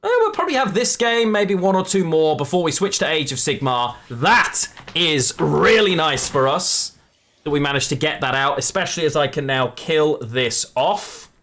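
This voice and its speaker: A man's voice: fairly high pitch, normal speed, fairly bright tone. A man live-streaming a card game, chatting with viewers and correcting himself as he plays. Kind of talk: live game commentary to chat.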